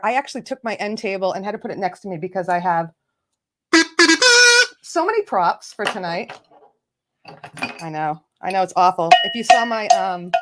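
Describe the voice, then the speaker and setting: A woman hosting a casual livestream, greeting viewers by name and laughing often. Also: medium pitch. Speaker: livestream host. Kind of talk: casual live chat.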